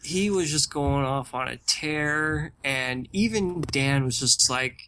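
A man co-hosting a podcast in casual, animated chat, often acting out what others said. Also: a little high, slow pace, a little hiss or hum. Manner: animated, swearing, acts out quotes. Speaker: podcast co-host.

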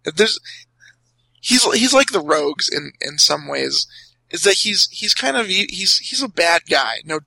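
Bright gravelly man chatting about comics. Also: high voice, lively intonation, a little slow, no echo, low-quality recording. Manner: rambling, many restarts and laughs. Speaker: podcast co-host. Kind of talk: casual comics discussion.

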